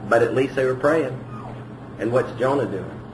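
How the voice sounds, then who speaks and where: Speaking at a normal pace in a mid-range voice, a man preaches a verse-by-verse sermon conversationally and frequently asks the congregation questions. The room is echoey, with faint background noise.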